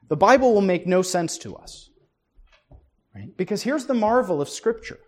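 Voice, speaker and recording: A man's voice: high-pitched, expressive, moderate pace, darkish tone. A man preaching a sermon, emphatic, with many rhetorical questions and stammering restarts. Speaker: pastor.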